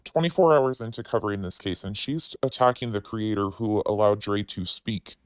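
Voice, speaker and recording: A man hosting a channel, speaking a pointed commentary voice-over and asking sharp questions. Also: fairly low pitch, moderate pace, clear, resonant tone, dry recording, clean studio sound.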